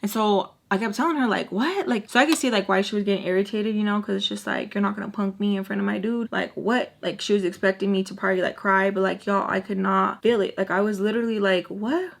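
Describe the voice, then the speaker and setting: A young woman vlogger telling a story in a casual, animated way, full of fillers and the odd curse. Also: medium pitch, fast talker, gravelly, few pauses.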